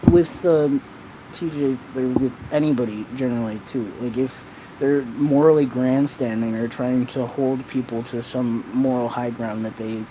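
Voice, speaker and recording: A man co-hosting a livestream in casual chat, relaxed and full of fillers, chuckling often. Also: mid-range voice, normal speed, background noise. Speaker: livestream co-host.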